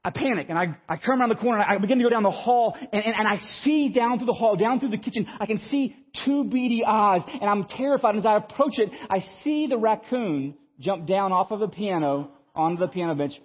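A man, preaching a sermon and telling a story in an animated, stammering, self-mocking way. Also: high-pitched, brisk, hardly any pauses, husky. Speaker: pastor. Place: church sanctuary. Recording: muffled sound with long hall reverb.

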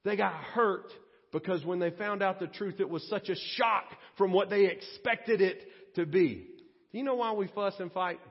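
A male pastor delivers a sermon with dramatic swings from near-shouts down to hushed, low lines. His voice sits high for a man and is a bit husky. The audio is dull and lo-fi, with a long reverb tail from the sanctuary. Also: expressive, normal speed.

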